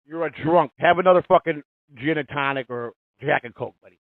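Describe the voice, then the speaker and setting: A man in his fifties hosts a live call-in radio show, ranting in a heated, confrontational, profane way. His fairly high voice is brisk, and the dry, tinny recording sounds phone-like with no room sound.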